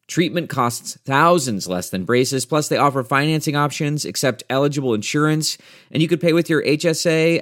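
A man reading a scripted ad in an upbeat, persuasive way. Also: mid-range voice. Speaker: ad reader. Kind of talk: scripted ad read.

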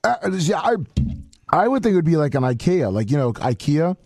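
A man's voice: a little high, big pitch swings, a little fast, heavy background noise. A man co-hosting a radio show, goofing around and laughing at himself as he stumbles over a word. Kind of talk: playful banter on air.

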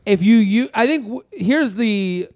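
Male podcast host, high voice, chatty and animated, does quick impressions. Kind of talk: casual chat and ad read.

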